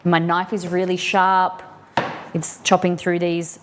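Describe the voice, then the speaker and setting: Cooking live in her home kitchen, an Australian woman chats casually to herself and to the food, breaking into excited squeals now and then. Her voice is fairly low and slow, with a faint hum in the background.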